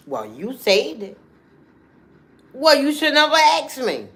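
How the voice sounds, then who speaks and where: A woman, hosting a casual livestream and talking straight to her viewers in a chatty, animated way. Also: high voice, takes it slowly, long pauses. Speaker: livestream host.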